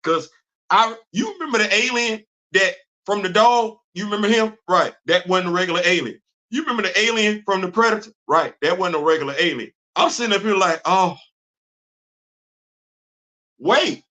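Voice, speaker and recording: Male host with a high, sharp voice; lively, exclamatory fan chat. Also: fairly quick. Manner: animated, repetitive, exclaiming, laughing. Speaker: comics podcast host. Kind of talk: excited casual comic book talk. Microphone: live stream mic.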